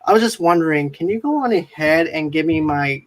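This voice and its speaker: Man playing a smooth teen boy faking sick: breezy, overly polite. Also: fairly high pitch, a little fast, lightly acted.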